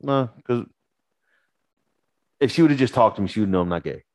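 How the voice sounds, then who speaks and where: A man's voice: on the low side, moderate pace, dry recording. A man in his forties co-hosting a podcast, telling profane stories in a casual chat and acting out the voices of the people in them. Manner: animated, profane, acts out voices in anecdotes. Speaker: podcast co-host.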